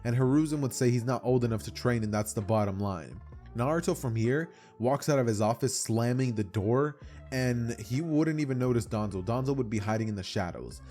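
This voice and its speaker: Mellow-voiced young man telling a story. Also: medium pitch, brisk, soft background music. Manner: rambling, slangy, self-correcting. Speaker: anime storyteller. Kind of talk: casual what-if storytelling.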